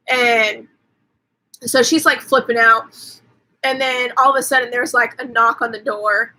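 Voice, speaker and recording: Host, woman, bright higher voice, loose rambling plot recap full of "like", casual swearing. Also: low-quality recording. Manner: rambling, fills every pause with "like", swears casually. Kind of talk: casual movie recap on a livestream.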